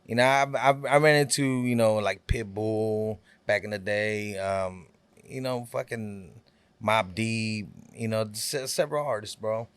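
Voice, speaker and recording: A man's voice: fairly low pitch, measured pace, clean tone, no echo. A man guesting on a podcast, telling a long story in a laid-back, rambling way, full of fillers and quoted back-and-forth. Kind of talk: casual storytelling.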